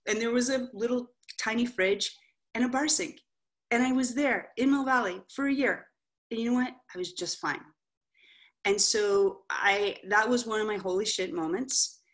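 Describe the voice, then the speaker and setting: A middle-aged woman giving a candid motivational talk to an audience as an author and coach, telling stories in an animated way and checking in with the room with frequent asides. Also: fairly high pitch, moderate pace. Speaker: author and coach, guest speaker.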